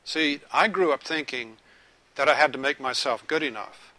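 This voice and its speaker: A man preaching a sermon to a live group, asking them questions and telling a lively joke. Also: on the high side, moderate pace, no room sound, low-quality recording. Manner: animated storytelling, joke-telling.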